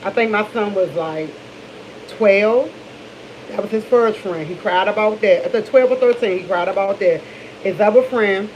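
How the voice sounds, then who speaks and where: Middle-aged dc woman rambling to the camera, kinda dull recording with faint hiss. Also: mid-range voice. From Washington, D.C. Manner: candid, rambling, with many restarts. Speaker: vlogger. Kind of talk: casual morning chat to camera.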